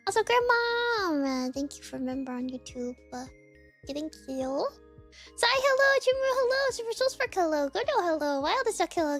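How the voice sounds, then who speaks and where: A young woman streaming, chatting casually and excitedly greeting her chat one by one. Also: very high-pitched. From United States.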